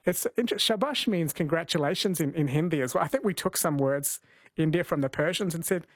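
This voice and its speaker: A man hosting a radio show, chatting casually with a caller, laughing easily and reading quiz questions slowly. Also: fairly high pitch, no echo. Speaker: radio host running a quiz.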